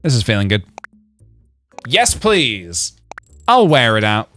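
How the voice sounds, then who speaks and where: A man chatting on a game stream, wandering from joke to joke as he reads out his chat. His pitch rises and falls a lot. Soft game music plays faintly underneath. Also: wildly swooping pitch, slow. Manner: rambling, joking asides, reading chat. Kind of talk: casual gaming stream chat.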